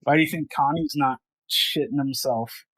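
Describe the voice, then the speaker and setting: A man's voice: mid-range voice, moderate pace, a bit bright, slightly rough, dry recording. A man playing a tabletop game, chatting with eager, swearing enthusiasm. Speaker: player.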